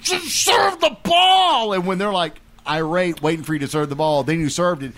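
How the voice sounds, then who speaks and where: Rambling man, slightly high voice. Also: steady tone, fast talker. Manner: rambling, restarts often. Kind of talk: casual chat.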